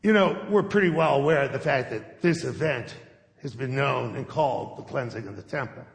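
A man's voice: medium pitch, moderate pace, creaky. A male pastor giving a sermon in a church sanctuary, telling the story conversationally and often checking in with his listeners. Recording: echoey sanctuary with long reverb.

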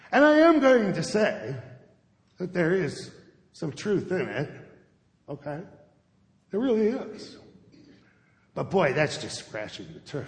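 Brief: male pastor, conversational sermon storyteller, raised pitch, echoey sanctuary. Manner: conversational storytelling, often checks in with "okay?". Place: church sanctuary. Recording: echoey sanctuary with long reverb.

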